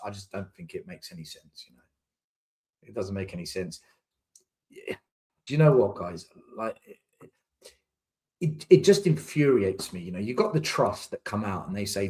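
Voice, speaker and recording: A man hosting a casual live chat, ranting in exasperation and repeating words for emphasis. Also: a little high. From England. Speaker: fan channel host reading live chat.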